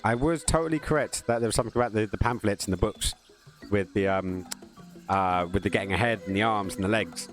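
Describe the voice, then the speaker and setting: A man's voice: lowish voice, fairly quick. A man giving chatty, joking gameplay commentary with crude asides as a streamer. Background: game music.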